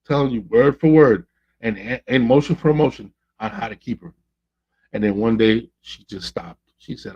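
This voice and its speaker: A man's voice: mid-range voice, animated, moderate pace, slightly rough, highs cut off. A man hosting a podcast, giving relationship advice in a preachy monologue and acting out quoted voices. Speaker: podcast host.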